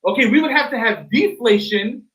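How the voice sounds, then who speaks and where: Guy with a really high voice arguing hard on a panel, loud and cussing. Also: moderate pace, poor audio. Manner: loud, emphatic, swears. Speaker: panel guest. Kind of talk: heated panel debate.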